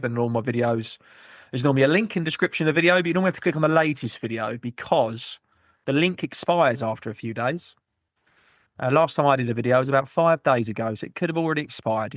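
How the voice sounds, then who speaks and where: Rambling podcast host, dry sound. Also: male voice, medium pitch, no room sound. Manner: rambling, jokey, self-mocking asides. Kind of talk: solo gaming podcast chat.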